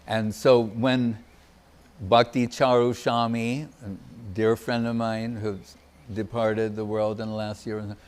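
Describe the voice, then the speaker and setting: An older man giving a reminiscing devotional talk as a spiritual teacher, pausing often and searching for his words. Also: lowish voice, a little mellow, smooth. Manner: halting, searching for words, many pauses.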